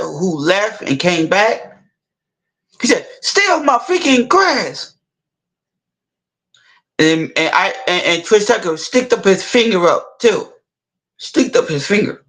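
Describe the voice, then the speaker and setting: A man's voice: sits high, a bit bright, poor audio. A man retelling a movie scene in a casual, rambling way, stopping and restarting his sentences often. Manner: rambling, halting, many restarts and repeats. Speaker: storyteller.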